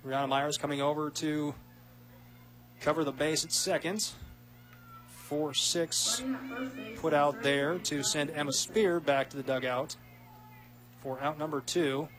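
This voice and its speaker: A man doing play-by-play radio commentary of a softball game, quick and rising with big plays. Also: fairly high pitch, fairly even intonation. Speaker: play-by-play announcer.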